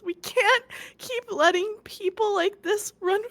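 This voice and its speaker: A woman playing a witness in a comedic mock trial, melodramatic and fake-tearful, with loud outbursts. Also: very high-pitched, slow, few pauses. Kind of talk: comedic role-play stream.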